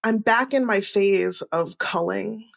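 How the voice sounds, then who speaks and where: A woman's voice: medium pitch, takes it slowly, creaky. A woman who owns a plant shop, talking as a podcast guest in an exuberant, casual way. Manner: exuberant, enthusiastic.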